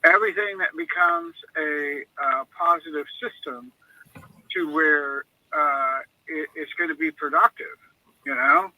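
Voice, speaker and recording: A man's voice: a little high, a little slow, pushed and bright, no echo, poor audio. A man on a radio chat, telling long rambling stories and acting out what people said to him. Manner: rambling storyteller who acts out quoted dialogue. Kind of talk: casual call-in chat.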